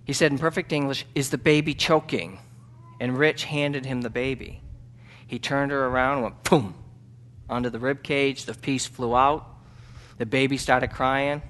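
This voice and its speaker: Fervent missionary man preaching. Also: mid-range voice. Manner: halting, many ums and restarts, rising to loud fervent preaching. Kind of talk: sermon storytelling. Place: church sanctuary.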